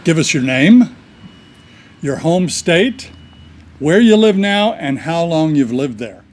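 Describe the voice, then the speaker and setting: Upbeat higher-voiced male host. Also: big pitch swings, slow pace. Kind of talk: casual video introduction. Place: recreation center.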